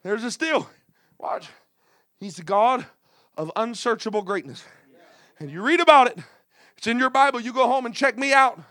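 A man's voice: very high voice, moderate pace, pauses often, sharp tone, no room sound. A man preaching a sermon in an impassioned cadence punctuated by "uh", with folksy, plain-spoken asides.

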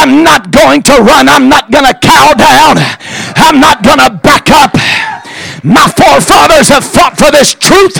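A man's voice: very high-pitched, vocal fry, pitched above the performer's own voice, full character voice. A preacher voicing a defiant biblical warrior man. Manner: shouted, defiant declarations.

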